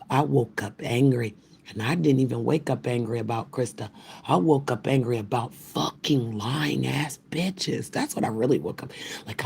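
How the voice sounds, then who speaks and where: Gravelly, profane older woman ranting. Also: a bass voice, warm tone, a little hiss or hum. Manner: profane, trash-talking, loose and rambling. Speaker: livestream host. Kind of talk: ranting live stream chat.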